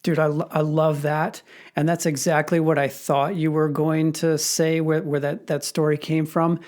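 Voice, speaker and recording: A man's voice: fairly high pitch, little pitch movement, normal speed, darkish tone. Man, middle-aged, podcast host, earnest, heartfelt, casual talk. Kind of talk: casual faith-based conversation.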